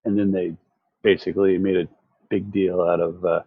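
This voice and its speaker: A deep-voiced man playing a tabletop game. He pieces his memories together hesitantly, with plenty of fillers. The sound is dry and a little dull, as if coming over a lo-fi line. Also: level tone, normal speed, slightly rough, no room sound. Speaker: player.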